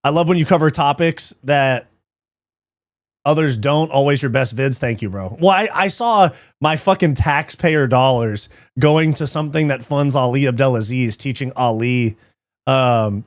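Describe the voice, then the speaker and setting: A man's voice: medium pitch, no room sound, clean studio sound. A man hosting a live fight watch party, chatting casually, reading chat aloud, swearing often and laughing easily.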